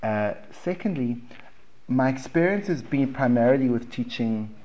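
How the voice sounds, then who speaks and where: A man with a South African accent teaching a Talmud class in a relaxed, conversational way, restarting phrases and checking in with his students. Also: mid-range voice, moderate pace, muffled recording. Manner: conversational, repeats words and restarts, asks the room questions. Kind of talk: informal classroom lecture. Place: basement classroom.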